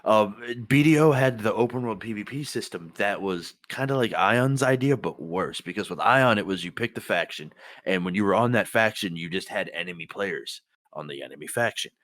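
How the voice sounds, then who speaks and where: A young man with a very low voice talks through game mechanics on a casual podcast. His sound is dry and close, and he explains things at length, swearing as he goes. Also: lively intonation, normal speed, a bit bright, dry recording. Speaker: podcast co-host. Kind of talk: casual gaming chat.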